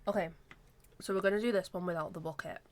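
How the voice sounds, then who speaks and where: A woman's voice: lowish voice, steady tone, fast talker. A woman streamer chatting casually during a game in a rambling, giggly way. She sits far from the mic. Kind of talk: casual gaming chat.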